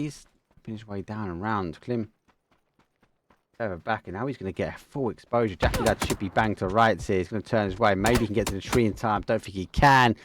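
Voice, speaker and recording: A young man with an Essex accent calls an esports match live, his voice sitting a little low. He gets excitable and talks in quick bursts, peppered with casual slang. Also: slight background noise. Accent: Essex English. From England, Essex. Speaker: esports caster. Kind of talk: live game commentary.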